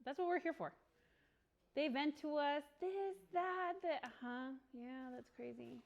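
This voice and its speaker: A chatty woman with a slightly high voice leads a small-group real estate workshop. She laughs often and slips into little acted-out bits of dialogue as she teaches. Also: measured pace, gravelly, muffled recording. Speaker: real estate agent leading a training session.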